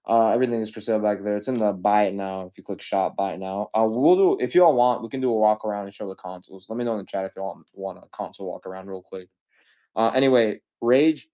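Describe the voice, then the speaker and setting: A man selling used games on a livestream, rambling casually with profane jokes and shout-outs to chat. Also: lowish voice. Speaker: live sale seller.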